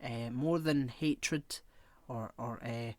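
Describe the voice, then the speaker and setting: A man co-hosting a podcast, chatting casually and rambling, often pausing to hunt for the right word. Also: medium pitch, darkish tone, no echo. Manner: rambling, searches for words with many fillers. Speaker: podcast co-host. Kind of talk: casual chat.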